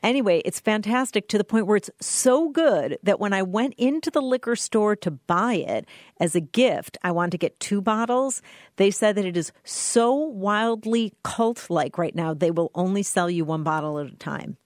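A woman's voice: mid-range voice, moderate pace, no echo, studio quality. A woman co-hosting a podcast in casual chat, gushing with enthusiasm as she recommends things she loves. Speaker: podcast co-host.

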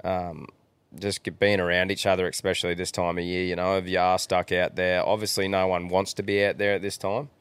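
Laid-back swearing Australian bloke. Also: male voice, deep voice, level tone, a little fast, a bit bright, clear, resonant tone, no echo. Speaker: podcast co-host. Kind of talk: casual podcast chat.

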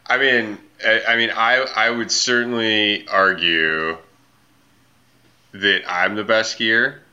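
A man guesting on a conversational interview, talking casually about his ski company and telling a relaxed, rambling story with plenty of fillers. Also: fairly low pitch, slow, dull audio.

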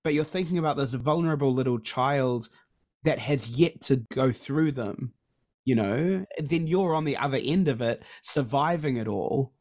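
A man's voice: medium pitch, normal speed, a little mellow. A middle-aged man, co-hosting a podcast in casual chat, candid and effusive, talking openly about his feelings and swearing freely. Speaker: podcast co-host.

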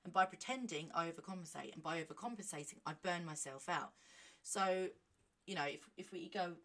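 A woman talking casually on her own podcast, animated and self-mocking, reading aloud with chatty asides. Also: on the low side, brisk. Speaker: podcast host. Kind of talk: casual solo monologue.

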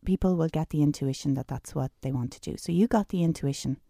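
A middle-aged woman leads the talk like a patient teacher, repeating words for emphasis. Her voice sits low and mellow. The sound is close and dry. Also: quick pace, creaky, no room sound. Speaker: host, teacher of personal development. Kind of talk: teaching in casual chat.

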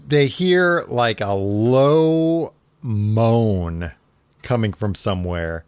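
Slow, rambling casual man. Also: mid-range voice, big pitch swings, clear, resonant tone, no room sound. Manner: loose, rambling, full of "like" and quick character asides. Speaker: podcast host retelling a book. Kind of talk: casual chat, paraphrasing the story.

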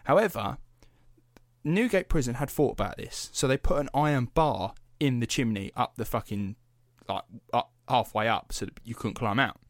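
A man's voice: medium pitch, lively intonation, normal speed, no room sound, studio quality. A young man hosting a podcast, telling a story in a loose, chatty way, swearing freely and padding with fillers. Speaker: podcast host. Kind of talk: casual storytelling chat.

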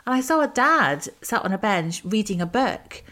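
A woman's voice: mid-range voice, sing-song, normal speed, fairly bright tone. A woman in her forties hosting an interview, chatty and agreeable, telling anecdotes and posing questions. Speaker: interviewer host. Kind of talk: conversational interview.

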